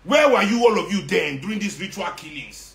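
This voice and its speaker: A man's voice: high voice, lively intonation, brisk, vocal fry, fairly bright tone. Nigerian man ranting in an echoey room. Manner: ranting, sarcastic, mixes Nigerian Pidgin. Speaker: social media commentator. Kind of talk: impassioned monologue.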